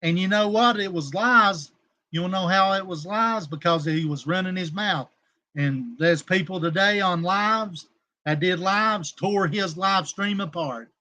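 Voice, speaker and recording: High-voiced man ranting on a livestream. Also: measured pace. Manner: rambling, combative, coarse, shouting out viewers by name. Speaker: livestream host. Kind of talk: casual livestream talk to chat viewers.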